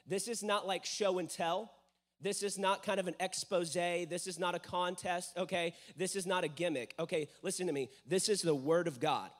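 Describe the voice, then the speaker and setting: A man introducing a guest preacher to a church congregation, earnest and encouraging. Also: fairly high pitch. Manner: earnest, builds to hype. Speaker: church leader introducing speaker. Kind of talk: sermon introduction.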